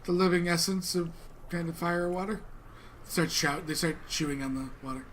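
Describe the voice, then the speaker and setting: Man, high pitch, game master, animated narration, sing-song npc voices. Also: moderate pace, slight background noise.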